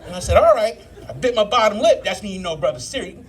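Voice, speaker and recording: A man's voice: high-pitched, animated, fast. A man in his fifties doing a live stand-up set, telling profane stories and working the crowd. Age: 50s. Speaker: stand-up comedian. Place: live brew pub comedy show.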